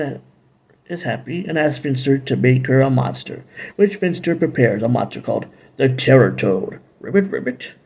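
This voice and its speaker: A man's voice: mid-range voice, gravelly, darkish tone, slightly rough. A man casually recapping and reviewing TV episodes, rambling with playful asides and bits of humming.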